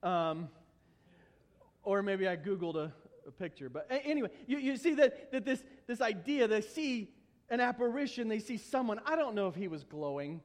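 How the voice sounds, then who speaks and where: A pastor preaches a sermon in a high, earnest voice. He stumbles through repeated words and drops humorous asides. His voice carries a long hall reverb in the church. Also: animated, normal speed.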